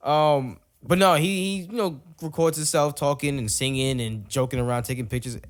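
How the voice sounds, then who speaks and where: A man in his thirties co-hosting a podcast in casual chat, relaxed, with quick short replies. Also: medium pitch. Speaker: podcast co-host.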